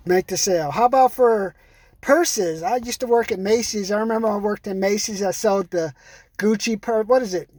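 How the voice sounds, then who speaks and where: Pushy sales guy, higher voice, rambling, swears a lot, keeps saying man. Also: moderate pace, a little mellow. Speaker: sales trainer. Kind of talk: casual motivational sales talk.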